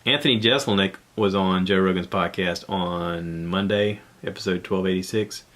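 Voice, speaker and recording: A man's voice: low-pitched, moderate pace, fairly bright tone. A man, hosting a casual solo podcast from home in a rambling, easygoing way with frequent chuckles. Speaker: podcast host.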